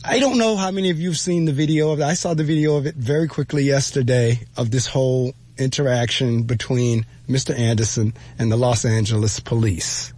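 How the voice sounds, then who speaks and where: Earnest, husky-voiced man giving a talk. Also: mid-range voice, fairly even intonation, brisk, hardly any pauses, darkish tone, dry recording. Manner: earnest, emphatic, repeats phrases. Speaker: speaker giving a motivational talk. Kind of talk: spoken reflection and commentary.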